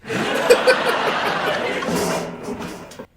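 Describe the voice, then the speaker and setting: An actor playing a sardonic, scheming army captain with a dry, cutting, sarcastic delivery. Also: male voice, drawn-out words. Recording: TV clip audio with noise.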